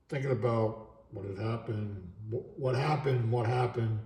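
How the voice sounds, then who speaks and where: A middle-aged man talking in a halting, emotional way in an unscripted vlog monologue at home. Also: mid-range voice, darkish tone, reverberant, slight background noise. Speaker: vlogger.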